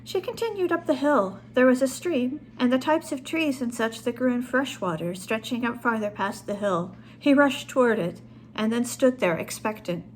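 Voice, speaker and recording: A woman's voice: on the high side, expressive, normal speed, a little hiss or hum. Woman reading her own short story. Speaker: author.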